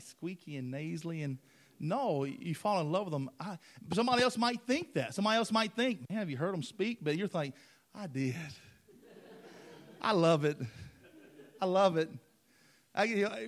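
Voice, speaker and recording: A man preaching a sermon in church, emphatic, repeating phrases and asking the congregation if they follow. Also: high-pitched.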